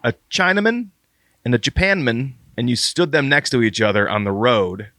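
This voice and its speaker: A man co-hosting a podcast, teasing and quick with jokes, laughing easily. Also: mid-range voice, expressive, fairly bright tone, dry recording. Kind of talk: casual podcast banter.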